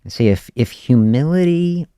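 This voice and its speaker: A man's voice: medium pitch, expressive, normal speed, mellow, clear, resonant tone, no room sound, clean studio sound. A man hosting a podcast, musing in a reflective spoken monologue and often adding "you know" and "see". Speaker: podcast host.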